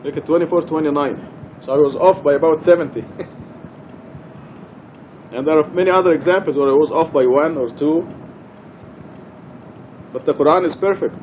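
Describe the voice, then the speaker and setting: A man's voice: moderate pace, pauses often. Earnest man teaching in a mosque. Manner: earnest, explanatory, emphatic with occasional laughs. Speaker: Quran study teacher. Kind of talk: informal religious study talk. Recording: dull lo-fi archival recording with faint rumble.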